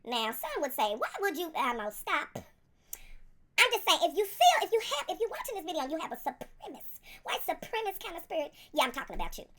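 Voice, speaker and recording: A woman reviewer talks at a rapid clip in a very high, bright voice. Her commentary is profane, sassy and animated, full of asides to her viewers. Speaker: video reviewer.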